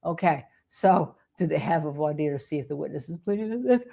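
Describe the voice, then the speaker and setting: A woman's voice: sits low, a little fast, gravelly, mellow. An older woman who is a defense attorney, hosting live legal commentary in a rambling way and repeating points for emphasis.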